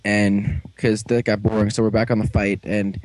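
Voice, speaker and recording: A man casually recapping a show, rambling along and jumping into quick put-on voices for the characters. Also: on the low side, flat delivery, darkish tone, slight background noise, poor audio.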